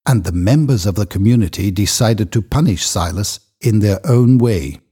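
A man narrating a story in a measured, expressive reading voice. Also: on the low side, slightly rough. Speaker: audiobook narrator.

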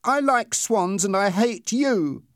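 A man's voice: high voice, very animated, normal speed, no room sound, clean studio sound, pitched above the performer's own voice. A man doing a small, defiant young boy. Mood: angry pleading. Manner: desperate, defiant. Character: small, gentle boy, angry and pleading.

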